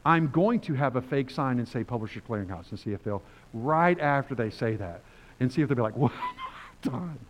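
Older male pastor, mid-pitched, lively conversational sermon delivery, lo-fi sound. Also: brisk. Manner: animated, conversational preaching with quoted voices. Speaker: preacher.

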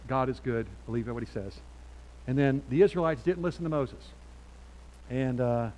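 A middle-aged man preaching a sermon as pastor, animated and chatty, dropping to quiet asides and then getting loud. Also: medium pitch, normal speed, long pauses, poor audio.

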